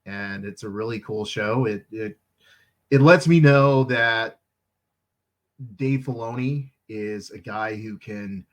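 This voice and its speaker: A man hosting a podcast, talking in a relaxed, measured way. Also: on the low side. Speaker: podcast host. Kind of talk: casual chat.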